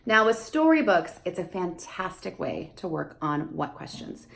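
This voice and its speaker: A young adult woman, a speech therapist, explaining casually to camera and breaking into high sing-song questions as if to a toddler. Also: sing-song, unhurried, creaky.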